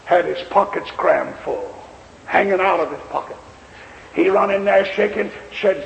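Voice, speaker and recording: A male preacher telling a story in a sermon, with a folksy, emphatic manner and a gravelly voice, recorded in an echoey hall with faint noise. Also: on the high side, normal speed, highs cut off.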